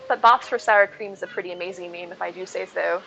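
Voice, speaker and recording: A woman's voice: fairly low pitch, fast, vocal fry, slight background noise, poor audio. An adult woman streaming a game, chatting casually and answering viewers. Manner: chatty, reads chat aloud, lively. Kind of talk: casual chat while gaming.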